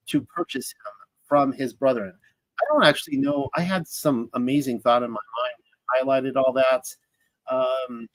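A man's voice: mid-range voice, no echo, low-quality recording. A man reading scripture aloud and commenting in a casual, thinking-aloud way, with fillers and restarts. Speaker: Bible study teacher.

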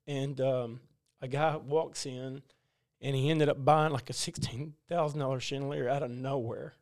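Man, emotional testimony, halting, restarts, near tears. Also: mid-range voice, steady tone, darkish tone, no echo, clean studio sound. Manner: halting, many restarts and fillers. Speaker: guest telling his story.

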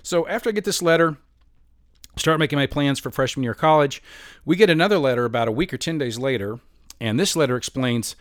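A man's voice: a little high, animated, fast, no room sound. Dry, rambling middle-aged man telling a story. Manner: rambling, self-mocking, laughs while telling. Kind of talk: casual personal storytelling.

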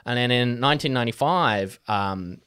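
A young Australian podcast co-host tells a rambling story in casual chat, full of "like" and "um" and constantly restarting his sentences. His medium-pitched voice is clear and resonant with a fairly bright tone, at a moderate pace, in a dry, clean studio recording.

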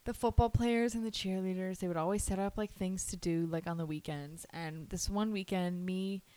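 A woman's voice: lowish voice, steady tone, moderate pace, mellow, clean tone, no echo. A young woman, co-hosting a casual chat, laughing often as she tells stories. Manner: giggly, chatty storyteller. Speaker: podcast co-host.

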